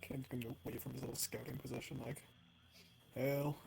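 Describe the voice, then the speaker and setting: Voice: medium pitch, flat delivery, fast talker, vocal fry, a little mellow, a little hiss or hum. A player in a tabletop game, chatting casually and describing a character's actions. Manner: casual, says "like" a lot.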